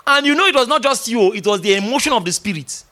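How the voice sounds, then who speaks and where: A man's voice: extremely high pitch, fast talker. A middle-aged man preaching a sermon, emphatic and teasing, acting out little dialogues as he goes. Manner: animated, emphatic, teasing, with laughs and acted-out dialogue.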